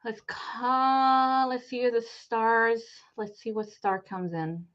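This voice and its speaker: A woman's voice: a little high, fairly even intonation, takes it slowly, fairly bright tone, muffled recording. A woman hosting a live psychic reading stream, telling rambling stories in casual chat, laughing often and swearing freely.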